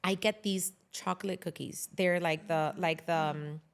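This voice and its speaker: A woman in her thirties chatting as a podcast guest, an animated storyteller who swears casually and drops Spanish words into her English. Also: on the low side, a little slow.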